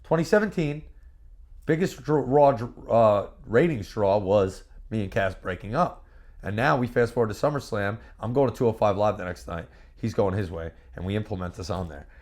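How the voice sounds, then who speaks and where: A former pro wrestler being interviewed, talking in a brash, profane and boastful way and telling animated stories with bursts of repeated words. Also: male voice, fairly low pitch, moderate pace. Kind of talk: candid shoot interview.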